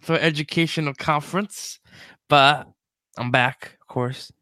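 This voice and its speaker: A young man hosting a casual sports podcast, energetic and jokey, with quick stumbling restarts. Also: on the high side, no room sound, clean studio sound. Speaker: podcast host.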